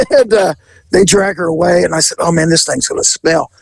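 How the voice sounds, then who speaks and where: High-voiced, gravelly man telling a wild story. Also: moderate pace, no echo, poor audio. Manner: animated storyteller, acts out voices, laughs often. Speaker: podcast host telling a story. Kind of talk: casual storytelling.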